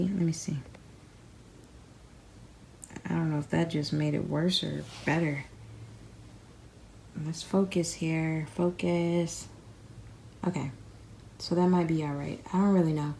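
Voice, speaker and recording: A young woman with a low, flat, gravelly voice talks to her viewers from bed. She is unwell and a little out of breath, rambling casually into a camera resting on the bed, with faint noise behind her. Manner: rambling, addresses viewers as y'all. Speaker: crystal vlogger. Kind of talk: casual chatty vlog. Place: in bed in a bedroom. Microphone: camera sitting on the bed beside her.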